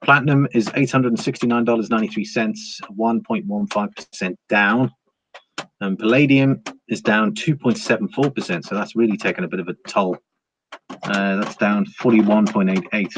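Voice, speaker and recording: A man with a low-leaning, steady voice talks at a moderate pace as he hosts a live stream in casual chat. He reads viewer comments aloud, then replies with frequent fillers and restarts. The recording is dull and lo-fi, with a faint hiss.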